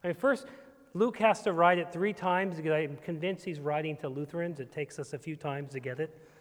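A man, a pastor, preaching a sermon emphatically. His delivery moves from quiet passages up to loud ones. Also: fairly high pitch, fairly quick. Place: church sanctuary. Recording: long church reverb.

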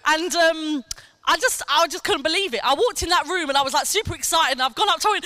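A woman preaching a sermon, telling a personal testimony in an animated way and acting out quoted lines. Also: extremely high pitch, fast talker. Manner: animated storytelling, acts out quotes, laughs often.

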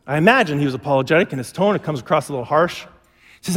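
A man's voice: a little high, big pitch swings, racing, a bit bright. A male pastor preaching a sermon, telling stories and acting out the lines he quotes. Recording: long hall reverb.

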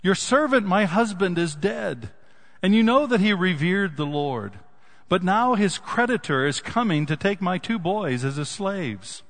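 A man reading aloud the lines of a grieving widow pleading with a prophet, his voice lifted higher. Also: animated, measured pace, fairly bright tone, full character voice. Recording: long reverb of a large hall.

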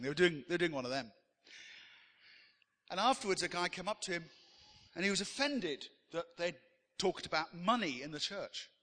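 A man preaches a sermon in an easy, conversational way, stopping often on "uh" as he tells stories. His voice is bright and pitched a bit high for a man. It rings out with the long reverb of a church hall. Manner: conversational storytelling preacher with frequent "uh" fillers. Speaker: pastor.

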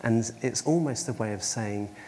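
A man's voice: fairly low pitch, normal speed, a little mellow. A man preaching a sermon, hesitant, with frequent ums and restarts and wry self-mocking humour. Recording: long hall reverb, faint background noise.

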